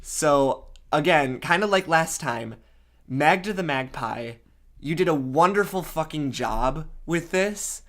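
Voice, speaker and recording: An excitable podcast co-host chats casually about fan fiction. The voice sits at a middle pitch and gushes with enthusiasm, and the host often stumbles and restarts sentences. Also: takes it slowly. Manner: gushing, excitable, frequent restarts and laughter.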